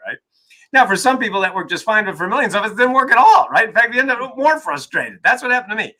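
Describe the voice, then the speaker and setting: A man's voice: high-pitched, expressive, fast, bright, forceful tone, poor audio. A man being interviewed as an author and coach, talking emphatically and often checking in with "right?". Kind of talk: energetic interview talk.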